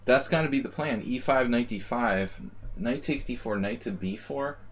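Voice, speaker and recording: A man's voice: medium pitch, normal speed. A man streaming a chess simul, thinking aloud and muttering moves in casual commentary.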